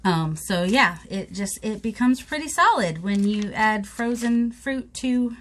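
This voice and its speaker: A woman's voice: medium pitch, lively intonation, a little slow, low-quality recording. A woman chatting casually to viewers in a crafting vlog, rambling and self-mocking while she works at her table. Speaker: craft vlogger.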